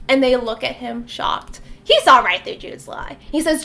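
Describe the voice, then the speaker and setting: A high, bright-voiced woman talks through a book's plot in a relaxed chat. She recaps scene by scene and drops into quick quoted lines of the characters, with laughs between. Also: gravelly. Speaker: book podcast co-host. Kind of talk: casual book discussion.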